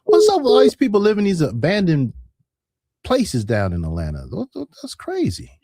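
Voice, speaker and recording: Radio host guy taking calls, real animated voice, dry mic, easygoing. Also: high-pitched, a little fast, no room sound. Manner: laid-back, agreeable with callers. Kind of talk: call-in radio chat.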